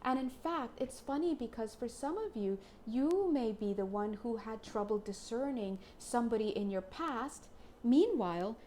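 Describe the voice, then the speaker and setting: A woman doing a casual spiritual card reading for viewers, chatty and excitable, often slipping into playful little voices. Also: fairly high pitch, slight background noise.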